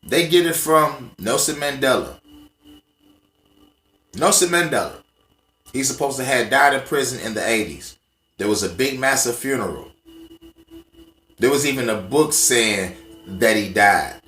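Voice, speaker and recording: A man's voice: medium pitch, lively intonation, a little slow, long pauses, pushed and bright, roomy sound. A man ranting casually to the camera, profane and emphatic as he tells stories from memory. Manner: profane, emphatic, conversational storytelling. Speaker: vlogger.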